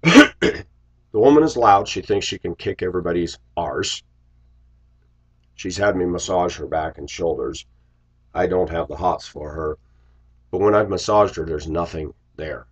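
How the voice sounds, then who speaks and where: A man from Los Angeles, a bus driver, telling workplace stories in a blunt, opinionated way and often clearing his throat. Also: deep voice, measured pace, long pauses, rough recording. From Los Angeles, USA. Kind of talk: casual storytelling monologue.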